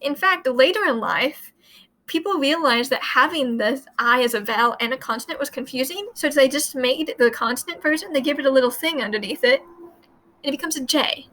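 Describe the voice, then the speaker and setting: Bright-voiced, high-pitched woman teaching Latin. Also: brisk, poor audio. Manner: chatty, repeats and sounds out words. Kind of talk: casual explanatory lesson.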